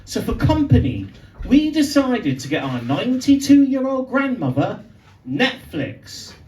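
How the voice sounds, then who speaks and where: A man's voice: extremely high pitch, a little slow, a little hiss or hum. A young man doing a stand-up comedy set, telling stories that build to punchlines. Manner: animated storytelling with punchlines. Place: pub venue with live audience. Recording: echoey live room from far off. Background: audience laughter.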